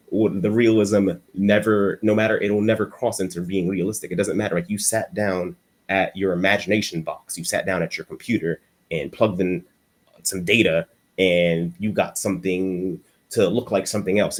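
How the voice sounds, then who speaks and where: Man, low pitch, husky, rambling commentary, stuttering restarts. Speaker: video essayist. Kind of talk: unscripted commentary monologue.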